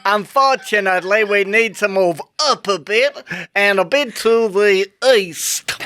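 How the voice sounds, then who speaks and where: Homme enjoué à l'accent du West Country, voix aiguë. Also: male voice, high-pitched, measured pace, sharp tone. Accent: West Country English. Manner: playful, giggly, theatrical. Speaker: co-host. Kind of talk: comic biscuit-tasting chat.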